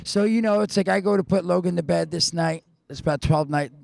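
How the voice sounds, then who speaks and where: A man's voice: high-pitched, fairly quick, gravelly, no echo. A man in his forties telling a rambling, profane story in casual chat, laughing often and acting out quotes. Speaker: podcast co-host.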